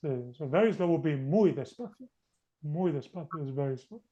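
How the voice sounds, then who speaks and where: A man's voice: on the high side, lively intonation, a little fast, mellow, lo-fi sound. A man teaching a beginner language class over a video call, patient and coaxing, switching between two languages. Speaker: Spanish teacher. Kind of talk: teaching an online group class.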